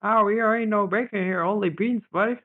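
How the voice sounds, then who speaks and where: A man voicing a gruff, gun-toting rural Texan man, drawling threats over phone-like voice chat audio. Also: high-pitched, a little fast. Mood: mock tough.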